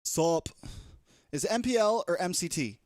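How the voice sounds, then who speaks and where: A young man, an esports shoutcaster, chatting loosely and playfully as he opens a casual livestream. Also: high-pitched, lively intonation, normal speed, no echo, clean studio sound.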